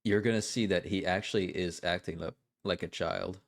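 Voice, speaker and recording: A man's voice: low voice, fairly even intonation, brisk, gravelly. A man in casual reaction chat on a stream, mocking and laughing often.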